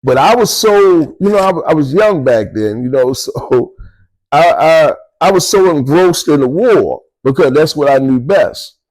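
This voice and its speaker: A man's voice: on the high side, expressive, measured pace, darkish tone, low-quality recording. An older man with a Baltimore accent telling prison stories in a casual, streetwise, profane way, with chuckles between beats. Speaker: storyteller recounting prison life. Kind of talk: casual storytelling to camera.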